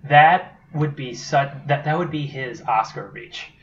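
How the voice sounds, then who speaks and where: A man co-hosting a casual podcast, trading dry, quick quips. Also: on the high side, a bit bright, dull audio. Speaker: podcast co-host.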